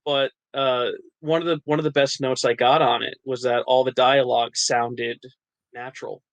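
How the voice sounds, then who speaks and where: A man's voice: medium pitch, little pitch movement, moderate pace, no room sound, poor audio. A man from New Jersey, an actor and writer, chatting as a podcast guest, laughing often and restarting his sentences. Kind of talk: casual interview chat.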